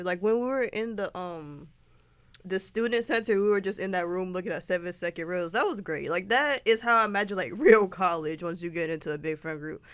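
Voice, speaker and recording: A woman's voice: mid-range voice, a bit bright. Playful teen girl, laughing often. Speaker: student. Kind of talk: casual chat.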